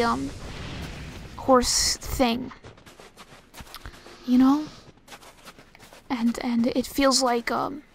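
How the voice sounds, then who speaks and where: A woman's voice: high voice, fairly bright tone, a little hiss or hum. A young woman doing casual, rambling gameplay commentary, talking to herself and getting exasperated as she plays. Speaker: let's play host.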